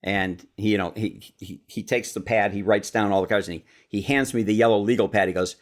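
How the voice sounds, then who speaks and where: Man from chicago telling a podcast story, really low voice, acts out the quotes. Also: fairly even intonation, fairly quick. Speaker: podcast guest, sales speaker and author.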